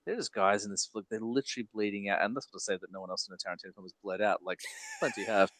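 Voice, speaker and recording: A man hosting a podcast, talking casually and rambling with lots of fillers and quick laughs. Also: fairly low pitch, a bit bright. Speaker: podcast host. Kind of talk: casual chat.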